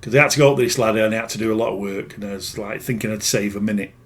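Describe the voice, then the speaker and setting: Speaking very fast in a fairly low, fairly bright voice, a middle-aged man recounts a personal story from his life as a spiritual healer. It's a casual monologue, rambling and plain-spoken, with frequent self-corrections.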